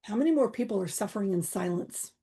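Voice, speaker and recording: A woman's voice: medium pitch, animated, fast, dark tone, breathy edge. A middle-aged woman comedian and humor coach, chatting as a podcast guest, playful and acting out voices in her stories. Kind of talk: animated podcast chat.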